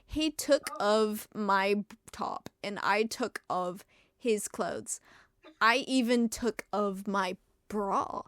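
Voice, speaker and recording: A woman's voice: medium pitch, slow, a bit bright, dry recording, studio quality. A young woman giving a comedic dramatic reading of fan fiction, giggling and adding self-deprecating asides. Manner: giggly, often breaking into laughter. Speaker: reader.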